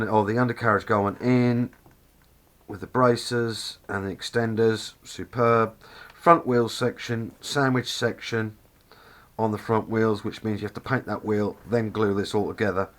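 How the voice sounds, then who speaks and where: A man's voice: fairly low pitch, flat delivery, normal speed. A man with a Norfolk accent casually walking through a model kit review, enthusiastic and rambling, often correcting himself mid-sentence. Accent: Norfolk English.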